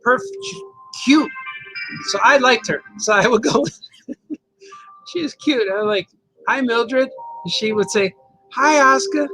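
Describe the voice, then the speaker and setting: A man's voice: sits high, a little slow, long pauses, sharp tone, soft background music, rough recording. Giggly man telling rambling stories. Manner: giggly storyteller, laughs often mid-sentence; rambling, playful, repeats words for effect. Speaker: host and cartoonist. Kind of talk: casual livestream chat, reading viewer comments.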